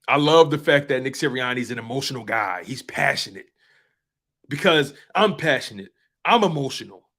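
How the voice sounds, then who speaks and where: A man's voice: mid-range voice, bright, forceful tone. A man hosting a fan sports talk show, speaking passionately and emphatically and repeating phrases for effect. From US East Coast.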